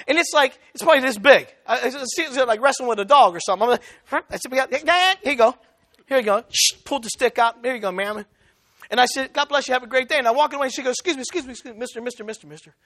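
A man's voice: extremely high pitch, fast talker. A man preaching a sermon, telling a story and acting out both sides of the conversation. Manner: animated, acts out both sides of a dialogue.

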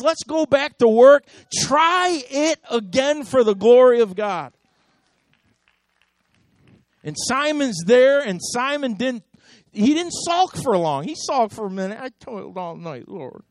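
A male pastor preaching with fiery, repetitive exhortation, his voice sitting high for a man. He swings from ringing calls to hushed, intense asides. The sound is close and dry. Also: dry recording. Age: adult. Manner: impassioned preaching with sharp swings between loud and hushed. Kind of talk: sermon.

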